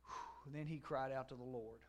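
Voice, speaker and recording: A middle-aged man preaching a sermon to a youth audience, telling the story with animation and acting out dialogue, swinging from loud to hushed. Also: mid-range voice, fairly even intonation, normal speed. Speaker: pastor. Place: large room before a youth audience.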